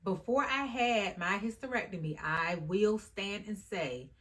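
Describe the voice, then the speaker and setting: A woman vlogger talking casually to the camera in a chatty, animated way, often addressing her viewers directly. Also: medium pitch, a little slow. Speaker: YouTube vlogger.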